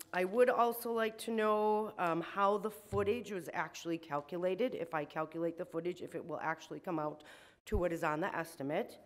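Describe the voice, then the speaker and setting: An upset woman making a public comment at a city meeting, emotional and shaky, with frequent ums. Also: on the low side. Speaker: resident speaking at public hearing. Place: city council meeting room.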